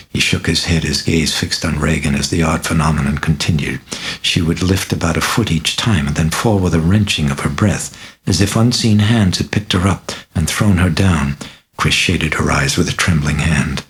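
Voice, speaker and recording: A man reading his own novel aloud as an audiobook, measured and dramatic. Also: very deep voice, fairly bright tone, rough recording. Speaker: author reading his book. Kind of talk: audiobook narration.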